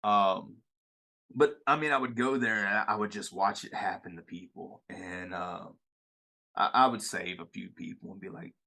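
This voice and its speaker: A man's voice: fairly low pitch, fairly even intonation, normal speed, pushed and bright. A young man from Louisiana with a Cajun accent, telling rambling stories in a casual podcast chat and laughing often. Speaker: podcast host.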